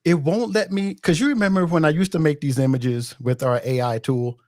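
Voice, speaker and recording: A man's voice: on the high side, fairly quick, darkish tone, dry recording, studio quality. A man co-hosting a podcast, casually teasing and scolding his co-host, often laughing as he talks. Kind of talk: casual chat.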